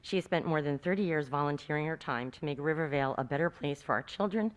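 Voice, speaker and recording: A woman with a low voice reads out a prepared tribute at a school board meeting. She works as the town's events coordinator and speaks in an earnest, admiring way. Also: fast talker. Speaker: town indoor events coordinator. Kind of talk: reading a prepared tribute speech.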